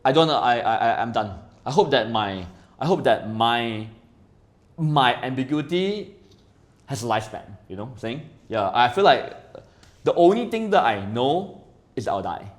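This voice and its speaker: A man's voice: mid-range voice, normal speed. Rambling, swearing man in casual talk. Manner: rambling, swears a lot, keeps asking "right?"; animated, swings between loud and quiet. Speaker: podcast guest. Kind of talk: casual chat.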